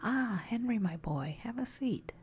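A woman's voice: a little high, lively intonation, a little slow, slight background noise, voice pushed up. Woman whispering as an eccentric cheerful male boss, whispered role-play. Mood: enthusiastic. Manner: enthusiastic, briefly menacing.

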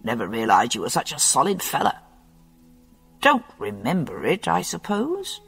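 An audiobook narrator voicing Runcorn, an impatient Victorian police superior who speaks bluntly, read over soft music in a reverberant space. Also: medium pitch, wildly swooping pitch, moderate pace, gravelly, husky, exaggerated voice. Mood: probing. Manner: blunt, demanding questions.

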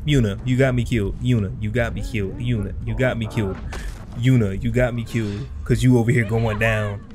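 This young man hosts a gaming channel let's play, talking trash in slang as he fights his way through, with game music and a noisy background. His voice is on the low side, steady in tone, and fairly quick.

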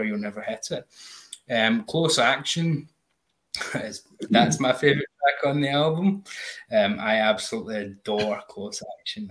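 A man's voice: medium pitch, a bit bright. A man on a review panel, talking through an album in casual chat, enthusiastic and full of "um" fillers. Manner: hums and sings snatches of riffs.

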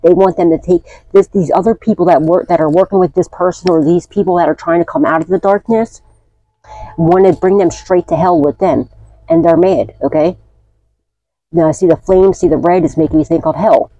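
A woman's voice: lowish voice, brisk, dark tone, dry recording, dull audio. A woman doing a casual spiritual tarot reading, chatty and blunt, swearing freely and often asking "okay?". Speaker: tarot reader.

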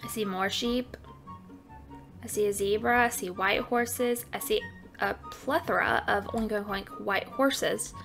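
A woman's voice: medium pitch, steady tone, unhurried, gravelly, fairly bright tone, faint music behind. A young woman hosting a casual Minecraft let's play, playful and chatty, often squealing over cute animals and repeating a silly oink catchphrase. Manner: playful, keeps saying oink oink oink. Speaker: gaming channel host.

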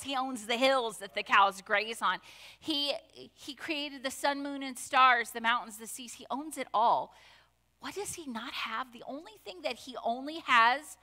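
Woman pastor, bright higher voice, chatty sermon, rhetorical questions, reverberant church hall. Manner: conversational preaching with asides and rhetorical questions. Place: church sanctuary.

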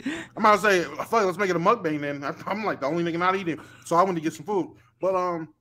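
A man's voice: high-pitched, fast, a bit bright. A man co-hosting a podcast, arguing his point emphatically in slangy, casual talk. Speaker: podcast co-host. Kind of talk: casual debate chat.

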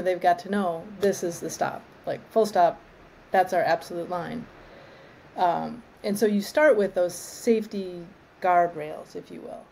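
A woman arborist trainer as an interview guest, explaining in a thoughtful, measured way and often restarting her phrases. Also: fairly low pitch, creaky, warm tone, slight background noise, low-quality recording. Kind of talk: conversational interview.

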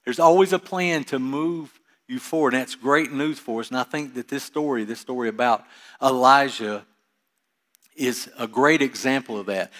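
Male pastor, medium pitch, sermon delivery, loud-to-soft dynamics, casual asides. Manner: reads Scripture aloud and explains it with casual asides; swings between loud emphasis and quiet, trailing lines.

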